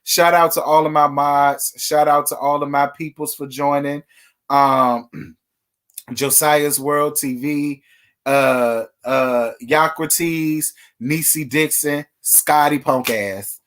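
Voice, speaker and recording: A man's voice: fairly high pitch, fairly even intonation, slow pace, a bit bright. Sassy, chatty gossip host, man. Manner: sassy, chatty, talks straight to viewers. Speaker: livestream host. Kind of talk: casual reality TV gossip livestream.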